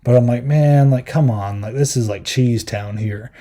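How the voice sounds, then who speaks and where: Rambling young man with a very dark voice. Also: medium pitch, normal speed. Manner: rambling, filler-heavy, acts out quotes. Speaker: podcast host. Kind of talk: casual review chat.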